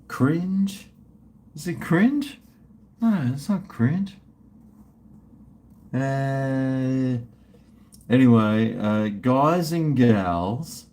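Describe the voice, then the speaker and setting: Slow rambling middle-aged man. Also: on the low side, a little mellow, slight background noise. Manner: rambling, mumbling, trails off, swears often. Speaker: livestream host. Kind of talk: casual livestream chat reading super chats.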